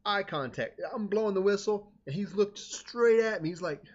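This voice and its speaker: Man, slightly high voice, rambling and animated anecdote teller, dull lo-fi sound. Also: normal speed. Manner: rambling, self-interrupting, animated. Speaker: storyteller. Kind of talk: casual anecdote telling. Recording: dull lo-fi recording.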